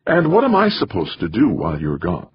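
A man voicing an upset, clingy wife in an audiobook, pushing his voice high and strained. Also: huge pitch swings, brisk, breathy edge, heavily acted. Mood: upset, pleading. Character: upset young wife, clingy and sharp-tongued. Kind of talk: audiobook character reading. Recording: dull lo-fi recording.

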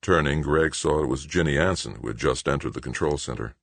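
A man narrating an audiobook in a steady, even storytelling manner. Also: a bass voice, moderate pace, creaky, dry recording. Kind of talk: scripted narration.

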